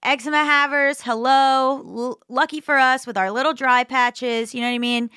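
Bright, smooth-voiced joking woman. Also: high voice, steady tone, no room sound, studio quality. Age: 30s. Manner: self-mocking, joking, quick asides. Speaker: co-host. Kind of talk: casual podcast banter.

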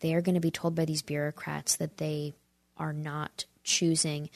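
Woman podcast host, low flat voice, gravelly, heated casual rant, dry sound. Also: normal speed, no echo. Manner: heated ranting, dips into whispers.

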